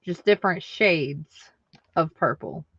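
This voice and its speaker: A woman's voice: deep voice, lively intonation, unhurried, a bit bright, slightly rough, dry recording, muffled recording. A woman hosting a live online craft sale, chatting casually and answering viewer comments aloud. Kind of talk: casual live-selling chat.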